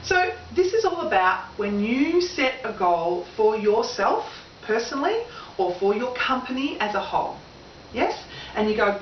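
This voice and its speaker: A woman with an Australian accent giving a lively motivational seminar talk to a live audience, often asking them questions. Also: high-pitched, moderate pace, slight background noise. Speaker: presenter. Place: room with an audience. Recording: roomy, distant, lo-fi camera audio.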